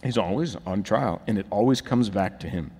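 A man's voice: lowish voice, moderate pace, a little mellow, breathy edge. A man preaching a sermon as pastor, emphatic and building to urgent, rising peaks. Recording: long reverb of a large hall.

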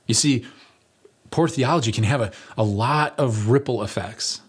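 A man's voice: medium pitch, moderate pace, husky. A man preaching a conversational sermon as pastor, earnest and building to emphatic peaks, with touches of light humor.

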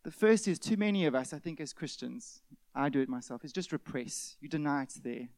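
A male pastor, preaching an animated sermon in which he acts out everyday scenes with sudden shouted outbursts. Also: fairly high pitch, fairly quick, dry recording.

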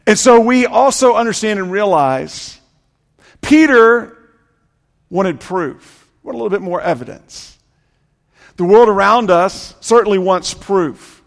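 A male pastor preaching with a very high, gravelly voice that he delivers slowly and deliberately. He swings between loud, rising emphasis and hushed, low stretches. His voice rings through a large hall with long reverb. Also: expressive. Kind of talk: sermon. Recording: echoey hall.

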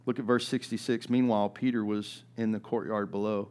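A man preaching a sermon in a conversational way, often asking "right?", moving between loud, emphatic peaks and quiet, low stretches. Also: little pitch movement, fairly quick, hardly any pauses. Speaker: pastor.

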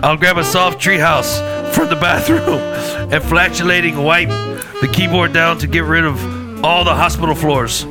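Guy doing a silly fake accent ad read, cracking up, pitch jumping around, music under it. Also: huge pitch swings, slow pace, exaggerated voice. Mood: goofy. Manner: laughing through his reading. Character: man reading a silly ad in a mock accent.

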